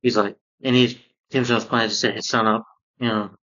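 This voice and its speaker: A man's voice: medium pitch, flat delivery, moderate pace, pushed and bright, highs cut off. A man casually recapping and reviewing a cartoon episode, rambling along with lots of "you know" fillers.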